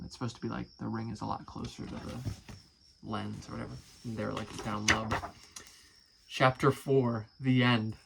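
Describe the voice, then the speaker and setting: A man with a creaky, mid-range voice reads aloud casually and comments as he goes, amused and chatty, swearing now and then. He's a musician and video creator, and there's background noise.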